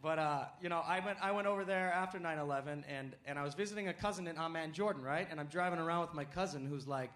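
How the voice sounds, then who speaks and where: A man's voice: fairly high pitch, quick pace, few pauses, a bit bright. A man doing a stand-up set, chatty and talking straight to the audience. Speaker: stand-up comedian.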